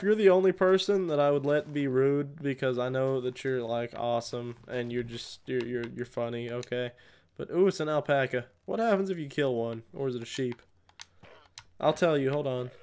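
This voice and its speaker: A man's voice: mid-range voice, a little mellow, clean tone. A young man casually chatting with his viewers during a gaming livestream, rambling and answering chat while he plays. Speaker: live streamer.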